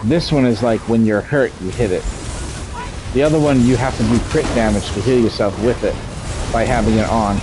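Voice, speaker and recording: A man's voice: mid-range voice, fairly quick, noisy background. Chatty male gaming streamer. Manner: chatty, explaining mechanics, swears freely. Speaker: streamer playing an online game. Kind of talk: casual gameplay commentary.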